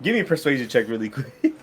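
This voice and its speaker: A man's voice: medium pitch, fairly bright tone, a little hiss or hum. A man running a tabletop game as game master, rambling with many restarts. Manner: rambling, full of fillers and restarts.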